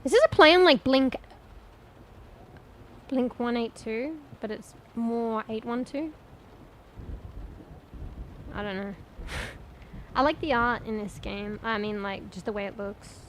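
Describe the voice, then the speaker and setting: A woman's voice: fairly high pitch, slow, long pauses, slight background noise, poor audio. A woman streaming a game and chatting casually with viewers, thinking aloud and swearing now and then. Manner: chatty, addresses viewers directly. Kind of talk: casual gameplay commentary.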